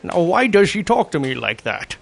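A man's voice: high-pitched, big pitch swings, normal speed, creaky, full character voice. A man playing a bumbling, easily hurt male movie star who keeps flubbing a spy line, in a comedy clip. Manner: whiny and flustered.

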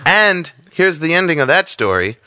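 A man's voice: fairly high pitch, sing-song, moderate pace, sharp tone, dry recording. A man, a comedian guest telling a comic story and acting out both sides of the exchange. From New York.

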